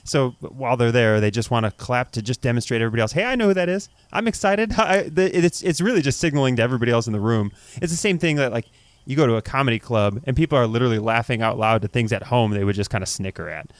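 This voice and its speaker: A man co-hosting a podcast, chatting casually in a measured, reflective way and laughing easily. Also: medium pitch, no room sound. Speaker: podcast co-host. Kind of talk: casual chat.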